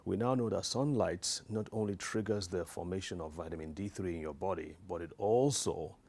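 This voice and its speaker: A man's voice: low voice, normal speed, darkish tone. A man giving an informal educational health talk, earnest and hesitant with frequent restarts and fillers.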